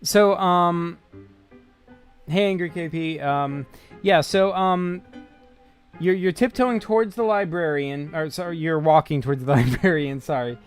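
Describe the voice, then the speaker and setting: Smooth-voiced man running a tabletop game. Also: on the high side, soft background music. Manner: halting, full of fillers and laughs. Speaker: game master.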